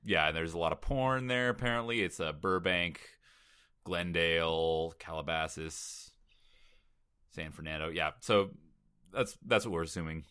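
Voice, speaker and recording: Low-voiced chatty podcast co-host woman. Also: a bit bright, clean tone. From not from Los Angeles. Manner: chatty, playful, quick to joke. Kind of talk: casual podcast chat.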